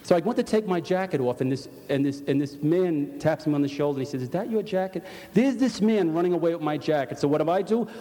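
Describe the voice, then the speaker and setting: A man's voice: on the high side, quick pace, hardly any pauses, warm tone. An older man with a New York accent giving an earnest spoken testimony to a congregation, full of restarts. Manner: earnest storytelling with repeated restarts. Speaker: church member giving testimony. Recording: long church hall reverb.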